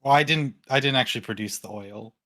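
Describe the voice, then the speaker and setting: A man playing in a tabletop game, cracking deadpan jokes. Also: medium pitch, fast, no echo, clean studio sound. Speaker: player.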